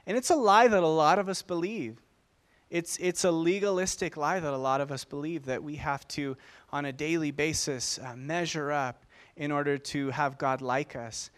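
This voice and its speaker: A man's voice: fairly high pitch, steady tone, moderate pace. A man preaching a sermon as pastor, speaking earnestly and conversationally, repeating his key phrases.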